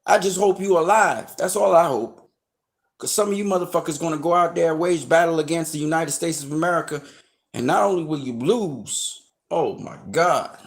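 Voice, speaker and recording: A man's voice: fairly high pitch, moderate pace, gravelly, breathy edge. A man in an unscripted rant to his viewers, blunt and heavily profane, lecturing and warning them in emphatic slangy talk that grows heated. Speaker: online commentator.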